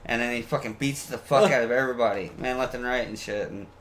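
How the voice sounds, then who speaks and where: A man's voice: mid-range voice, a bit bright, slight background noise. A man who has been drinking chatting casually, rambling and swearing, stopping and restarting often. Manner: rambling, profane, halting with fillers. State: tipsy from beer. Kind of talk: casual chat.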